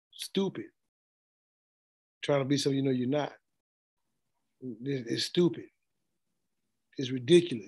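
A man's voice: mid-range voice, darkish tone, husky. A middle-aged man preaching a blunt, informal sermon and laughing often as he speaks. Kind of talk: street sermon.

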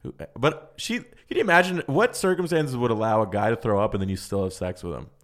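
A man's voice: medium pitch, quick pace. A man hosting a casual comedy podcast, bantering, swearing freely and reading out listener questions. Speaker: podcast host.

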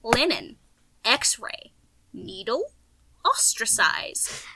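A woman's voice: fairly high pitch, big pitch swings, very slow, noisy background. A woman hosting a podcast, chatting casually and teasing with lots of giggles. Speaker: podcast host. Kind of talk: casual chat.

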